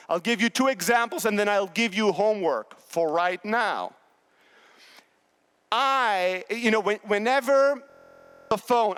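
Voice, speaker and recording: A man in his thirties giving a blunt, profane, high-energy motivational talk on a conference stage. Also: fairly bright tone, clear, resonant tone. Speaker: keynote speaker.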